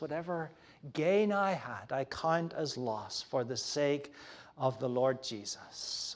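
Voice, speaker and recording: A man preaching a sermon, emphatic, with many fillers and restarts, swinging from soft asides to loud, stressed lines. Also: fairly high pitch.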